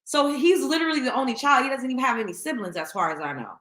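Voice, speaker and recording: A woman's voice: high voice, expressive, quick pace, a bit bright. A woman hosting a casual livestream chat, talking with her viewers and greeting them by name. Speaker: host. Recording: echoey room.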